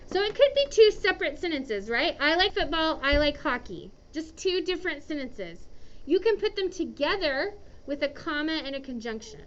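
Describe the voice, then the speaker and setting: High-voiced chatty woman teaching a class. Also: big pitch swings, normal speed. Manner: chatty, checks in with okay. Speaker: English teacher. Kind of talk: classroom grammar lesson. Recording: dull lo-fi classroom recording.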